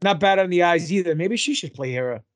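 A man's voice: high voice, fast, slight background noise. A man co-hosting a casual fan podcast, joking and teasing his partner. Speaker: podcast co-host.

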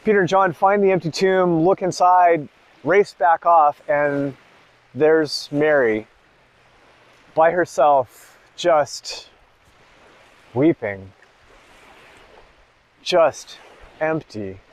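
A man's voice: a little high, drawn-out words, long pauses, no echo. A male pastor praying and preaching at an online church service in a reflective way that grows emphatic. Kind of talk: sermon and prayer.

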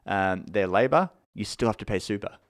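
A man with an Australian accent co-hosting a podcast, explaining things in a relaxed, casual way with frequent fillers. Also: lowish voice, fairly quick. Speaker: podcast co-host.

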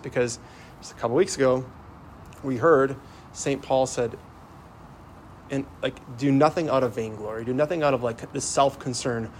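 Priest guy in his 30s giving a homily, chatty, lots of "like" and restarts, faint car noise behind. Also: mid-range voice. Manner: conversational, many fillers and repeated starts.

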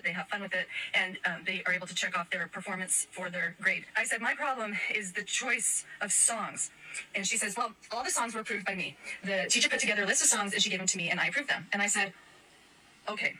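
A woman's voice: medium pitch, sharp tone. A woman, a parent, earnestly and indignantly retelling a confrontation, heard on a somewhat distant mic. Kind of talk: emotional personal storytelling.

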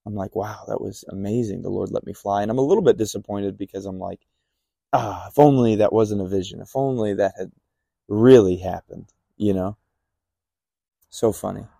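Gravelly low-voiced young man telling a story. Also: dark tone, dry recording, studio quality. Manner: rambling, acts out remembered dialogue with many fillers. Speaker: podcast guest telling a testimony. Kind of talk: casual storytelling.

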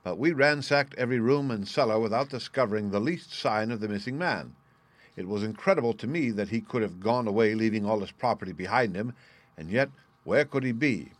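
A man narrating a classic story in the first person, reading in a measured, formal way. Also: lowish voice, lively intonation, no room sound. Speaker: audiobook narrator.

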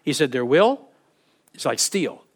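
A male pastor preaching a sermon in an emphatic, expressive way, reading scripture aloud to his congregation. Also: medium pitch, unhurried.

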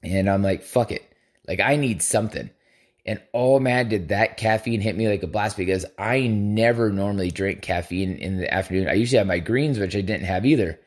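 A man with a lowish voice tells a rambling story on his podcast. He swears constantly and voices his own thoughts as quotes, in loose, conversational talk. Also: fairly quick. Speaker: podcast host. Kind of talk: casual storytelling monologue.

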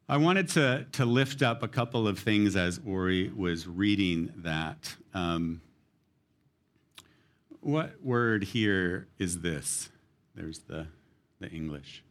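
Earnest male pastor explaining scripture. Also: on the low side. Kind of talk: sermon.

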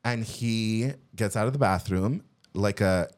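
A male comedian guest, telling a story in casual chat, animated, swearing and full of "like" fillers. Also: on the low side, measured pace, a little hiss or hum.

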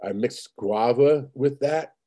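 A man's voice: mid-range voice, slow pace, dark tone. A man co-hosting a podcast, talking in a laid-back, rambling way with casual swearing. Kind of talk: casual chat.

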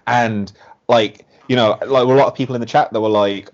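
A man's voice: medium pitch, steady tone, brisk, a little mellow. A man co-hosting a wrestling podcast, rambling casually and acting out what wrestlers said. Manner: rambling, acts out quotes. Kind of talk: casual chat. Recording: muffled lo-fi sound.

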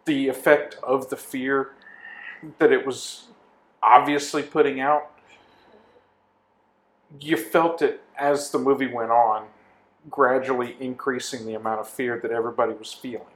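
A man's voice: medium pitch, flat delivery, measured pace, pauses often, fairly bright tone. A man in a casual movie chat, earnestly talking through what he enjoyed. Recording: echoey room.

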